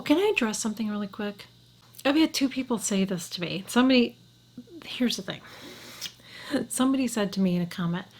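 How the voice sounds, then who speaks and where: A middle-aged woman talks to her viewers in a loose, chatty way, blunt and unfiltered. Her voice sits at an ordinary middle pitch, and she often drops into a soft, breathy near whisper. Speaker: beauty vlogger. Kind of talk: casual chat to camera.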